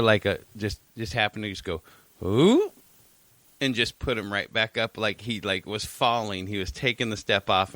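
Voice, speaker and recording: Man, podcast co-host, casual rambling storyteller, swears, laughs, lowish voice, dry close sound. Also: fairly bright tone, no echo. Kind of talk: casual chat.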